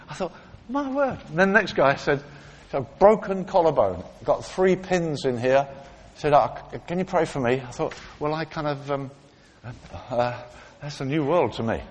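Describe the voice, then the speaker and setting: A man preaching, telling healing stories in a conversational way and acting out the people he quotes. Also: fairly high pitch. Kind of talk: sermon with testimony stories. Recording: reverberant hall with faint ambience.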